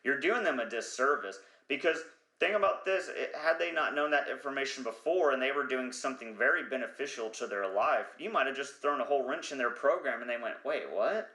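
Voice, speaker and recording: A man's voice: mid-range voice, fairly quick, bright, forceful tone, reverberant. A man hosting a podcast, talking in a rambling, profane comedic monologue who sometimes loses his train of thought. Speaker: podcast host.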